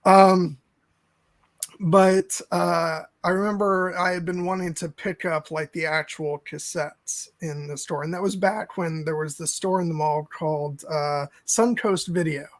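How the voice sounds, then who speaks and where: A man's voice: on the high side, fairly even intonation, measured pace, dry recording. A man co-hosting a casual film podcast, telling a long rambling story full of fillers. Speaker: podcast co-host. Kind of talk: casual film review chat.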